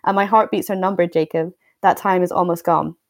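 A woman's voice: lowish voice, steady tone, a little fast, no room sound, natural voice. A woman reading the lines of an angry, defiant teenage girl, close to her own voice. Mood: resentful. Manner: sharp, resentful.

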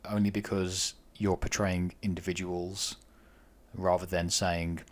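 A man co-hosting a casual discussion, weighing both sides of a question in a measured way. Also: deep voice, little pitch movement. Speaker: podcast co-host.

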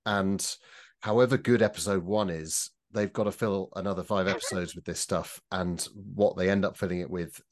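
A measured, lower-voiced man debating. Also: fairly even intonation. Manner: measured and critical, with frequent restarts. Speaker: podcast co-host. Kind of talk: casual panel discussion.

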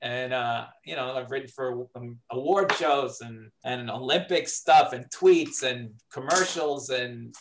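A middle-aged man spins a casual backstage story at a conversational pitch. He talks in an animated way, jumping up in pitch when he acts out what others said. His tone is relaxed and chatty, like a comedian on a podcast. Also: a little slow, hardly any pauses, noisy background. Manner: animated, acts out quoted dialogue.

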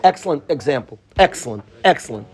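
A man's voice: on the high side, lively intonation, quick pace, breathy edge. A man teaching a Torah class to students, pleading and passionate, joking with them at times.

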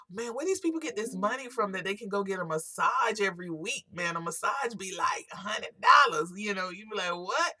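Woman doing a motivational podcast, low warm voice, chatty and preachy, dry close sound. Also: dry recording. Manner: relaxed, conversational, preachy encouragement. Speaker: podcast host. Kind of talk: motivational self-help monologue.

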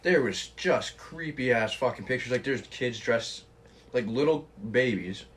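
A man's voice: medium pitch, expressive, a little slow. A young man hosting a casual podcast chat, laid-back, swearing freely and laughing often. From Canada. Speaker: podcast host.

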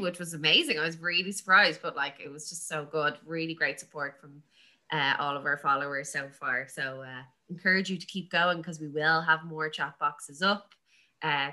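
Young woman, low-ish but really bright voice, giggly chatty storytelling. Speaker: podcast co-host. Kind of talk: casual chat.

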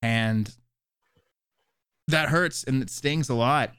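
A young man in a relaxed, reflective chat, with a middle pitch and easy filler words. The recording is close and dry with no room sound. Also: slow, clean tone, no echo. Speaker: Twitch streamer. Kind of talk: casual conversation.

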